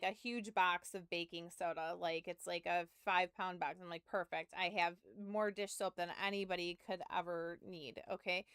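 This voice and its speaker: Rambling streamer woman, smooth dry voice. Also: medium pitch, no echo. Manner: rambling, full of "like", swearing, self-mocking. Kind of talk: casual storytelling to stream chat.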